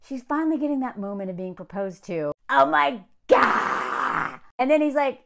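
A woman from the Southern US talks in a chatty, sarcastic way. Her voice sits high and swings widely up and down. She talks like a commentator picking apart a dating show. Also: expressive, fast, mellow. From Southern United States. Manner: chatty, sarcastic, mocks others in put-on quotes. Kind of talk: casual reaction commentary.

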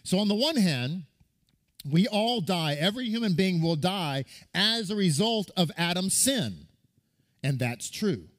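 Man preaching an animated story-sermon. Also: high voice, unhurried. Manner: animated storytelling with restarts and acted quotes. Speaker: rabbi.

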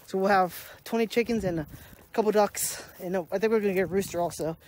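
A woman's voice: mid-range voice, fast, darkish tone, slight background noise. A woman chatting casually in a vlog from her backyard garden, rambling and laughing often. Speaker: vlogger.

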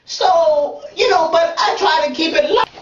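A woman hosting a comedic monologue show, talking in an animated way that swings from playful to mock outrage, recorded in a bathroom. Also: extremely high pitch, a little slow. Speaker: comedic web show host. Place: bathroom, in a bathtub. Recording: roomy, distant, dull lo-fi sound.

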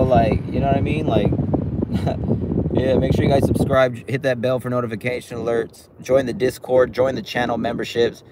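A man's voice: mid-range voice, little pitch movement, moderate pace, background noise. A man hosting a casual livestream, reading chat comments aloud with loose, profane talk and lots of laughs. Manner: fillers and restarts, laughs often. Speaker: livestream host.

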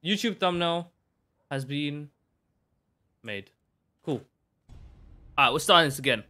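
A young man talks a live audience through his gameplay. His voice sits a little high and sounds bright and forceful. He chats nonstop and bursts into loud yells, his pitch swinging widely. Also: measured pace. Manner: excitable, chatty, bursts into shouts. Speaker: live streamer.

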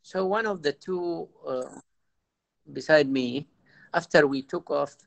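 Gravelly-voiced priest, halting delivery. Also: male voice, a little high, no room sound, rough recording. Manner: halting, repeats words, tells anecdotes. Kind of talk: informal talk to a youth audience.

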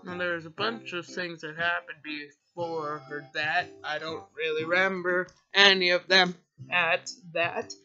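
Rambling male vlogger with a bright, sharp voice and a slow, unhurried delivery, on a dull lo-fi recording. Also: high voice, level tone, faint music behind. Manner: hesitant, rambling, self-deprecating, with many fillers and restarts. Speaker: video creator summarizing a book. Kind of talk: casual rambling summary.

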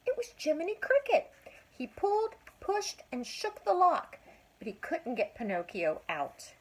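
An older woman, a grandmother, reading a children's story aloud with expressive, drawn-out emphasis and asides to a child. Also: high-pitched, background noise.

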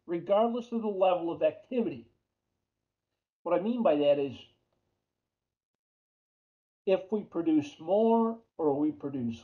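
A man with a New York accent giving a chatty accounting lecture, repeating key terms and putting questions to the class. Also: sits high. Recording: dull lo-fi lecture audio.

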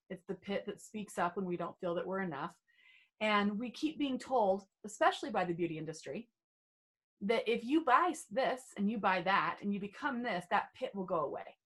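A woman's voice: medium pitch, fairly bright tone. Bubbly, self-assured middle-aged woman. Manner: bubbly, playful and self-assured, with lots of "right?" tags. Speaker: guest, beauty trainer and author. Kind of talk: casual podcast chat.

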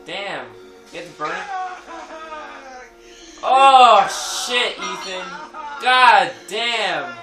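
A man commentates on a video game, cursing constantly and breaking into loud outbursts and laughter. His voice is high and his pace is slow and drawn out. The room echoes, and game music plays behind him. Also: expressive, distant mic. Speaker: gameplay commentator. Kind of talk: let's play commentary.

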